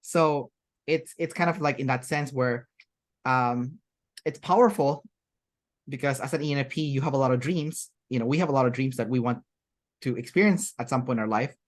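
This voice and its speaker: A woman's voice: rumbling low, normal speed. A woman as an interview guest, talking in a rambling, chatty way with many fillers and restarts. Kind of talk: casual interview chat.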